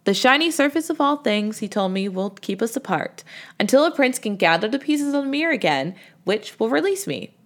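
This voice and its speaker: A woman's voice: fairly high pitch, very animated, fairly quick. A woman voicing a proud young woman.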